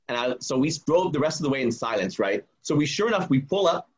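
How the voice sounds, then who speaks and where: A man's voice: fairly high pitch, fast, hardly any pauses, breathy edge, rough recording. A man telling a personal story in a casual way, acting out what each person said. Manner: animated, acts out quoted dialogue.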